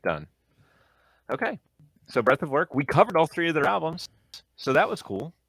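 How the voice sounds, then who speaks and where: A man's voice: fairly high pitch, sing-song, moderate pace, vocal fry, fairly bright tone, no room sound, studio quality. A man co-hosting a casual music review podcast, upbeat and chatty. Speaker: podcast co-host.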